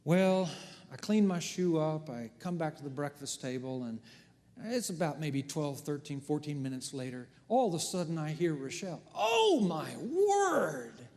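A middle-aged man preaching a sermon as pastor, telling stories with big swings from hushed to loud. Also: a little high, normal speed. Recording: long hall reverb.

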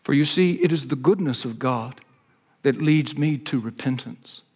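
A man's voice: mid-range voice, normal speed, darkish tone, husky. A man, a pastor preaching a sermon in an earnest, conversational storytelling manner.

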